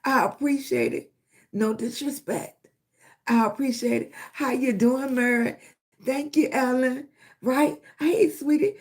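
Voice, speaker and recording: Lady hosting a live stream, kinda high voice, takes her time, calls everybody baby and sweetie. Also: measured pace. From Virginia, USA. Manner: affectionate, calls listeners baby and sweetie, keeps asking "right?". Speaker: livestream host. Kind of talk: live-stream motivational talk and greeting viewers.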